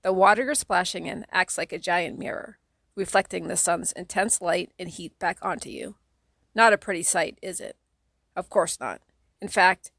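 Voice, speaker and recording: A woman narrating a children's audiobook in a steady, plain storytelling manner. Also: fairly low pitch, dry recording, clean studio sound. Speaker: audiobook reader.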